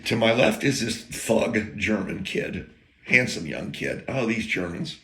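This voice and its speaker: A man's voice: fairly low pitch, expressive, measured pace, creaky, a bit bright. An American man telling a rambling, profane story in a casual monologue, full of jokey asides and broken-off sentences. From United States.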